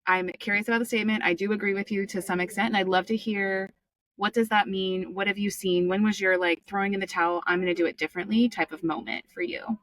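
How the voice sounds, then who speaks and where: A woman's voice: mid-range voice, fairly even intonation, brisk, a bit bright, no echo, distant mic. A woman co-hosting a podcast, affirming her guest and asking him questions in an effusive way. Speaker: podcast co-host. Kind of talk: interview chat.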